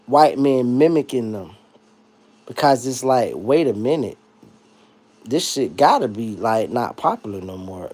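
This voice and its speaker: A man with a notably high-pitched voice hosts a casual livestream, ranting and joking with plenty of profanity. His delivery is animated and loose. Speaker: livestream host.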